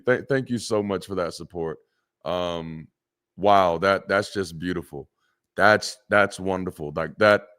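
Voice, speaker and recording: Deep-voiced man chatting on a livestream. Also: fairly bright tone, smooth. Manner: loose and chatty, many restarts and slang, reads chat aloud. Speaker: livestream host, former pastor. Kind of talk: casual livestream chat. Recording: solo livestream at home.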